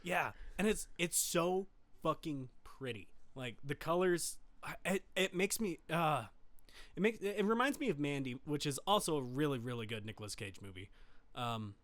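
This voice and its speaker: A man's voice: a little high, lively intonation, moderate pace, a bit bright, no echo. A young man from Utah co-hosting a podcast, rambling and hesitant, laughing easily. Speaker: podcast co-host. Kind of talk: casual chat.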